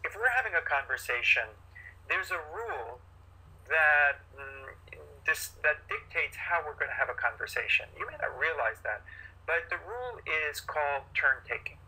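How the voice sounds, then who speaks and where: Male paediatrician, animated explainer, slightly high and breathy. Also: moderate pace, low-quality recording. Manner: animated, acts out parents and children in quotes. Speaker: paediatrician guest. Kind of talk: explaining parenting advice in an interview.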